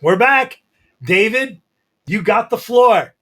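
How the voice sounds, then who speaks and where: A man with a high voice hosting a sports talk show. He speaks conversationally, setting up the topic and handing the floor to his co-host. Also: expressive, takes it slowly, pushed and bright. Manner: conversational, sets up topics, hands over the floor. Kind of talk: opinion talk podcast.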